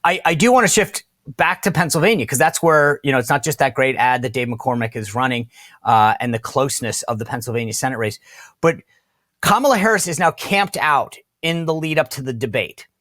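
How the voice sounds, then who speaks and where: A man's voice: mid-range voice, animated, a little fast, fairly bright tone, dry recording. A man hosting a podcast, giving casual political commentary in an emphatic way and stumbling over repeated words when worked up. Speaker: podcast host.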